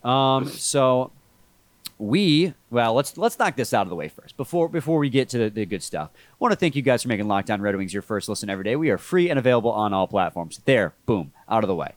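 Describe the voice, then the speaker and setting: A man with a head cold hosts a sports podcast, his voice congested and sitting at an ordinary middle pitch. He talks in a laid-back, rambling way, often restarting his sentences. The recording is dry and close, with no room sound. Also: a little fast, no room sound. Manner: relaxed, rambling, self-correcting. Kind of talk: casual sports podcast chat.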